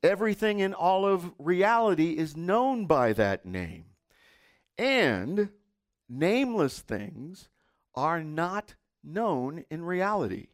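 A middle-aged man preaching a sermon, telling stories expressively and dropping into soft asides. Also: fairly high pitch, big pitch swings, slow pace. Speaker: pastor.

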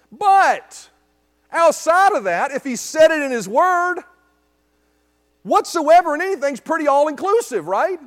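A man with a strikingly high voice preaches to a church congregation. He speaks with strong emphasis and keeps checking in with his listeners through rhetorical questions. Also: fairly bright tone. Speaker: pastor. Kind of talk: sermon. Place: church service.

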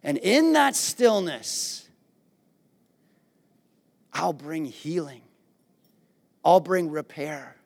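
A man preaching a sermon, retelling a scripture story in a playful, animated way and acting out the characters. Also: on the high side, extremely slow, vocal fry, long pauses. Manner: animated storytelling, acts out disciples with a raised voice; playful, jokes with the congregation. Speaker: pastor.

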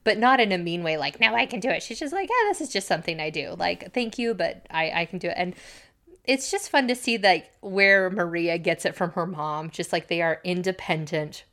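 A woman co-hosting a podcast, chatting casually and quoting characters in quick bursts. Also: lowish voice, expressive, fairly bright tone. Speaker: podcast co-host. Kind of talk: casual chat recapping a TV episode.

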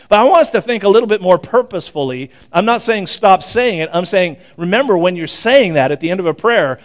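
Conversational older preacher, smooth higher voice. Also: male voice, fast talker, hardly any pauses. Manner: conversational preaching with frequent asides and restarts. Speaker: pastor. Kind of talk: sermon.

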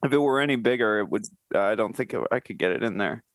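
A man's voice: lowish voice, fast talker, no room sound. Rambling joking man, dry close sound. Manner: jokey, rambling, laughs mid-sentence. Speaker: podcast co-host. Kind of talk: improvised comedy riffing.

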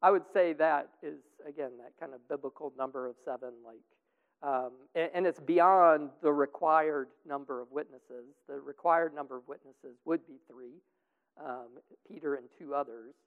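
At a normal speed and a slightly high pitch, a man loosely leads a group Bible study, meandering and leaning on fillers. The recording is a tinny, phone-style line with a long echo.

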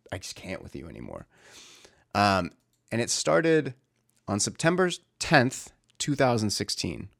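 A man's voice: on the low side, vocal fry, no room sound, studio quality. A young man candidly recounting a family conflict in casual speech, often stopping to correct himself. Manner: candid, searching, restarts often. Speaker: storyteller. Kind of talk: casual personal storytelling.

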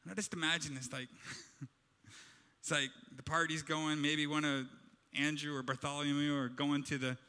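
A man preaching a sermon in an animated, conversational way, acting out quotes. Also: on the high side, moderate pace, smooth, in a large hall. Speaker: pastor.

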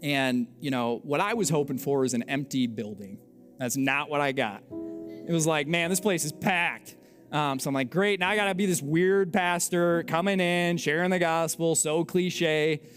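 A young man preaching, his voice pitched somewhat high as he tells a story. He is lively and pokes fun at himself, and he acts out each side of the conversation. Soft music plays faintly underneath. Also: normal speed. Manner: animated, self-mocking, acts out dialogue. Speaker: pastor. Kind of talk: storytelling sermon.

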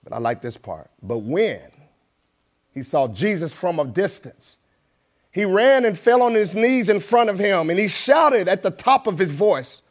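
A man's voice: high-pitched, big pitch swings, unhurried. A middle-aged man, a guest preacher, speaking in a church in a plain, conversational way that grows more emphatic as he reads scripture. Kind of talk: sermon with prayer and scripture reading. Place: church sanctuary.

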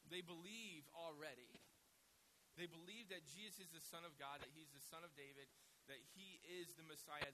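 A man preaching a sermon as a pastor, telling the story with animated delivery and acting out voices and calls. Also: a little high, low-quality recording. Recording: hissy recording.

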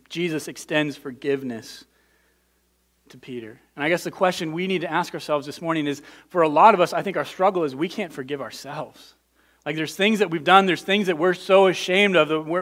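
Male pastor preaching, earnest and repetitive, a touch high-pitched. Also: fairly bright tone. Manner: earnest, repeats words, builds to emphatic peaks. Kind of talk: sermon.

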